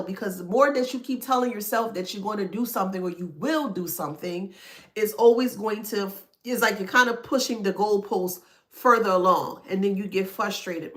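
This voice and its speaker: A woman's voice: mid-range voice, a bit bright. A woman giving a spiritual self-help talk to her viewers. She talks emphatically, in a preachy way, repeats points and checks in with "that makes sense?". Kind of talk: motivational talk to camera.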